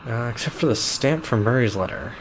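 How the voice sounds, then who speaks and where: A man's voice: medium pitch, lively intonation, a little fast, background noise. A man streaming a game live, reading the game text aloud with amused asides and chuckles. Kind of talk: live gameplay commentary.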